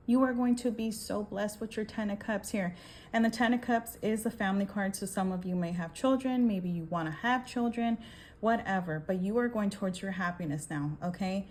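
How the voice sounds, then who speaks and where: A woman giving a casual tarot reading, talking emphatically, swearing and often checking in with "okay?". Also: mid-range voice. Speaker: tarot reader.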